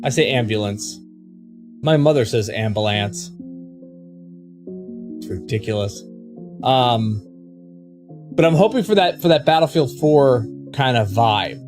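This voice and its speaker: A man's voice: mid-range voice, lively intonation, normal speed, over music. A man with a Baltimore accent chatting casually with viewers on a live game stream, rambling and repeating words as he restarts his thoughts. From Baltimore, USA.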